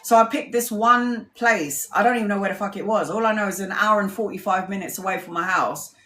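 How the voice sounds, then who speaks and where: A woman's voice: medium pitch, a little fast, fairly bright tone. A woman tarot reader telling stories in a casual livestream, candid and rambling, swearing freely. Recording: roomy echo.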